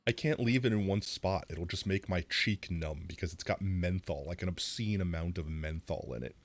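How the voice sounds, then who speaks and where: A man's voice: sits low, measured pace, pauses often. A man streaming live with a sore throat, rambling casually into a close mic while he plays. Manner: rambling, self-deprecating, reacts loudly.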